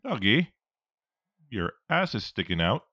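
A man's voice: low voice, animated, unhurried, noisy background. A man commentating his own gameplay, reacting, joking and swearing as he fights. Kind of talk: let's-play commentary.

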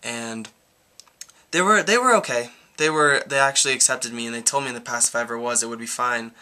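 A man's voice: medium pitch, level tone, fast talker, bright, forceful tone, smooth. A young man around nineteen tells a personal story in a casual vlog, rambling, with many "like"s and restarts. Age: about 19. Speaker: YouTuber.

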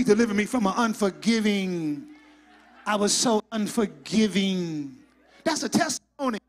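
A man preaching a sermon as pastor, swinging from shouted, fervent passages to hushed, near-whispered asides. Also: sits high, lively intonation, a little slow. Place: church sanctuary.

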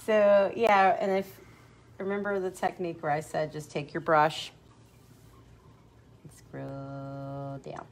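A woman's voice: on the low side, normal speed, a little hiss or hum. A woman dog groomer leading a live-stream grooming tutorial, chatty and self-mocking, laughing often as she works in a grooming salon. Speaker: dog groomer demonstrating dye techniques.

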